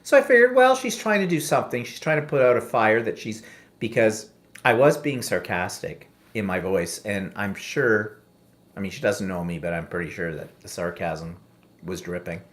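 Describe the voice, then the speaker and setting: A man spinning a casual story on his talk show, his pitch swooping up and down with lively expression. He slips into sarcasm and quick impressions of the people he talks about, keeping it all chatty and loose. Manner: animated, sarcastic, mimics voices in anecdotes. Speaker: podcast co-host.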